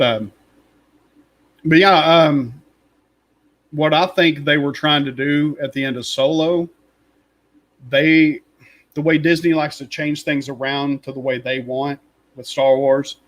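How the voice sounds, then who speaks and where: A man's voice: medium pitch, poor audio. A man co-hosting a casual fan chat, rambling and opinionated, with lots of fillers and asides. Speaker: podcast co-host.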